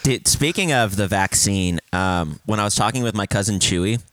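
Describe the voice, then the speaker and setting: Bright-toned, animated man with a low voice. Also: moderate pace, no echo. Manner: animated, laughs often, swears casually. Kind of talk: casual storytelling chat.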